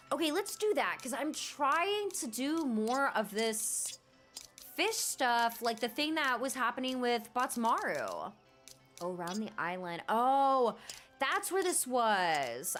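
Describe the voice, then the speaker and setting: A woman's voice: a little high, fairly bright tone. Bubbly young woman chatting on stream. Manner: bubbly, chatty, many fillers and laughs. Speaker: livestream host. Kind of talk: casual chat while gaming.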